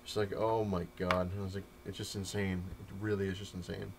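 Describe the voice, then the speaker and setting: Rambling young man with a low voice. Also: little pitch movement, brisk, creaky, background noise. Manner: rambling storytelling with many fillers and quoted exchanges. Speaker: comic collector vlogger. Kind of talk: casual update rant to camera.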